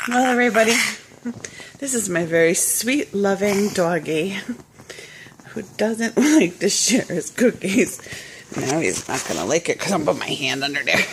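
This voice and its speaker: A woman's voice: on the low side, lively intonation, moderate pace, background noise. A woman filming her dog at home, talking to it in playful, coaxing baby talk and laughing often. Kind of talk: casual baby talk to a pet.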